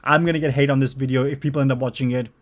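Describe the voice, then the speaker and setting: A man's voice: mid-range voice, steady tone, racing. A man giving a ranting commentary, exasperated and sarcastic, sometimes doing mocking impressions.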